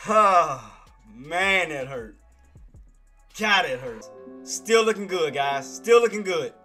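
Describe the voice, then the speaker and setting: A man's voice: a little high, big pitch swings, takes it slowly, fairly bright tone, faint music behind. A man hosting a live trading stream, talking straight to his chat, repeating himself and swearing freely. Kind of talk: live market commentary.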